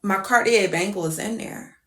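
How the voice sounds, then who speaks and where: A woman's voice: medium pitch, normal speed, a bit bright, reverberant, a little hiss or hum. A woman telling a story casually to her viewers, profane and exclamatory.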